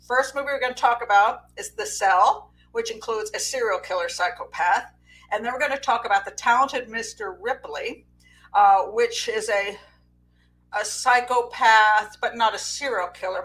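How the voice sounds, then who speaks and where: A woman's voice: on the high side, fairly bright tone, a little hiss or hum, low-quality recording. A middle-aged woman, a criminal profiler, hosting a casual live call-in show, rambling and breaking into giggles as she corrects herself. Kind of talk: casual live-stream chat.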